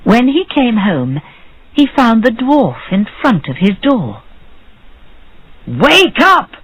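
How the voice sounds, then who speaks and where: A woman reading a simple story aloud for English learners, in short clear sentences. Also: low-quality recording. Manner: slow, clear, simple sentences with lively pitch. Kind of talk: scripted story narration.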